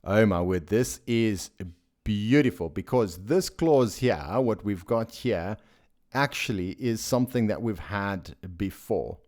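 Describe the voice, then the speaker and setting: A man with a lowish voice teaching scripture at a slow, unhurried pace. He walks through the grammar of a Greek sentence diagram step by step, often restarting phrases and adding fillers, with an enthusiastic tone. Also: expressive, a little mellow. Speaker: bible teacher.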